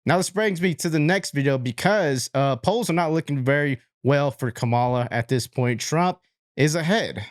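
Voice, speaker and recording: A blunt man delivers political commentary straight to his viewers in a casual, talkative way. His voice sits a little high and sounds dry and close, with no room around it. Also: moderate pace, dry recording. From Latino. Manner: blunt, conversational, addresses viewers as folks. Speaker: commentary show host.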